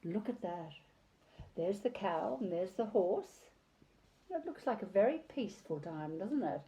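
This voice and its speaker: Older woman, picture-book reader, unhurried, chatty asides about the pictures. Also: mid-range voice, expressive, dark tone. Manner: chatty, digressive, pausing to comment on pictures. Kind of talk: reading a picture book aloud on video.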